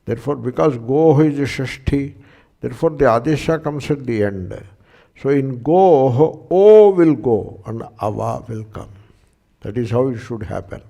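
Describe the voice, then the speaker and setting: A man's voice: medium pitch, lively intonation, a little slow, vocal fry, warm tone. An older man with an Indian English accent, lecturing on Sanskrit grammar and scripture, explaining step by step and checking in with his listeners. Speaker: Sanskrit teacher.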